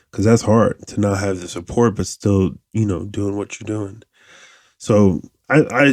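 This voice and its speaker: A man in his thirties hosting a podcast, talking in a casual, profane, rambling monologue with animated asides. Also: lowish voice, no echo, clean studio sound. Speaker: podcast host.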